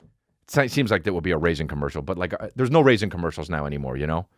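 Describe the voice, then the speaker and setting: A man's voice: low-pitched, fast talker, dry recording, clean studio sound. Rambling, cursing male podcast host. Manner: profane, rambling, animated storytelling. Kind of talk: solo comedy podcast rant.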